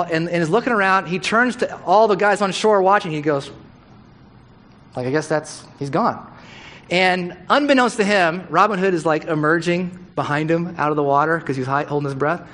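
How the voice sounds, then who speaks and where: A middle-aged man preaches to his congregation in a relaxed, storytelling way. His voice sits a little high, and he drops into playful, acted-out quotes as he goes. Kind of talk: sermon storytelling.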